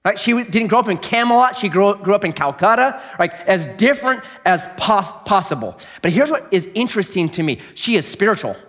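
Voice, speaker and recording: High-voiced man preaching conversationally. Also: fairly quick, few pauses. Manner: conversational storytelling, swings from animated to hushed. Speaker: pastor. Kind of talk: sermon.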